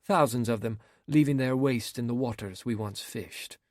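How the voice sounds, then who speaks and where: A man reading an audiobook, voicing a smooth Somali pirate commander with an African accent, calm and proud. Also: medium pitch, moderate pace, no echo, studio quality, natural voice.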